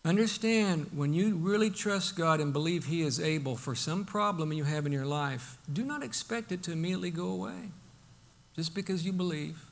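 A man's voice: a little high, moderate pace, vocal fry. A man preaching a sermon in a conversational, folksy way, often restarting his sentences. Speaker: pastor.

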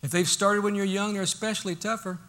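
A male pastor delivering a sermon in a casual, folksy manner, often stopping and restarting mid-sentence. His voice sits high for a man and sounds bright and forceful. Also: fairly even intonation, quick pace. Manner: conversational and folksy, with frequent restarts.

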